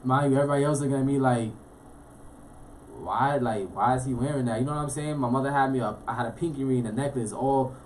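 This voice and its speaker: A young man from Florida talks quickly, his words tumbling out in a run. He tells his own story as an interview guest, loose and streetwise, and keeps checking in with the listener. His pitch sits at an ordinary middle height. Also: slight background noise. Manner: fast, animated, streetwise slang, frequent "you know what I'm saying". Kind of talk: casual personal storytelling.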